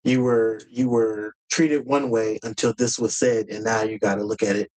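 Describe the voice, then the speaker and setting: A man's voice: lowish voice, steady tone, moderate pace, a little mellow, poor audio. A man as a podcast guest, telling a personal family story earnestly and with emotion, sometimes acting out heated words.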